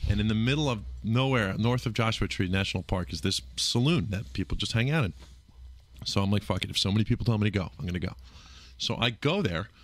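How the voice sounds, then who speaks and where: A man's voice: on the low side, quick pace. A man from Brooklyn telling a story on a podcast, swearing, laughing and acting out the voices of people in it. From Brooklyn, New York. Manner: profane, laughing, acts out voices in quotes. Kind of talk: casual chat, animated storytelling.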